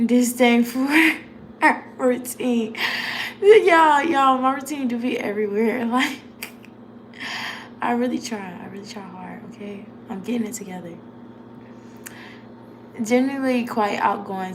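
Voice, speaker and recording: A young Southern woman reads aloud in a loose, chatty way, breaking into giggles and stumbling over her words. Her voice sits at an ordinary middle pitch. A faint hiss of noise runs underneath. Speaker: vlogger. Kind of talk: casual chat, reading aloud.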